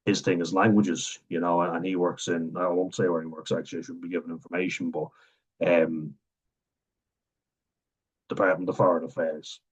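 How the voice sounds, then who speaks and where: Over a dull lo-fi recording, a young Irishman with a Wexford accent speaks frankly in a personal vlog, cursing freely and laughing as he rambles. His low-pitched voice is flat and breathy at normal speed, with long pauses.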